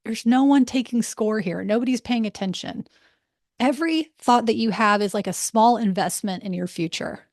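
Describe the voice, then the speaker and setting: A woman's voice: on the high side, normal speed, no room sound, studio quality. A woman hosting a motivational podcast as a breath work coach, talking in an earnest, encouraging and candid way, casual with fillers.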